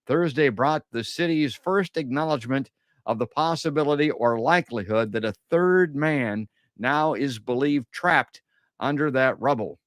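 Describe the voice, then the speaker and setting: A man hosting a call-in podcast, chatty and informal as he reads the news and talks to his listeners. His voice sits at a middle pitch. The sound is dry and close, with no room in it. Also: normal speed, dry recording. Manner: chatty, addresses listeners as folks, many uhs. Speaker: podcast host. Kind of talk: live call-in podcast, reading news and commenting.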